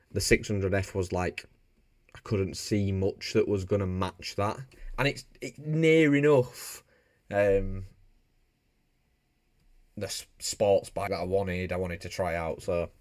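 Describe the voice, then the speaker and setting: A motorbike streamer from Bradford, England, with a Yorkshire accent chats casually and jokes around on a live stream as he reads out viewer comments. His voice is fairly low, and the sound is studio quality with no echo.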